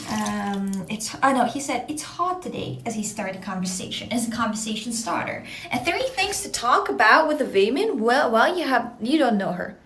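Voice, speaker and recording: A woman's voice: high-pitched, noisy background. A young woman from Russia telling a rambling story in casual chat, laughing often and swearing. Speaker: streamer.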